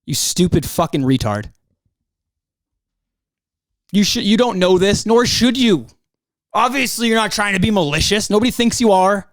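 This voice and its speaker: A man's voice: high-pitched, expressive, moderate pace, long pauses, dry recording, clean studio sound. Profane, heated young man ranting. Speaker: podcast host. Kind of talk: angry solo podcast rant.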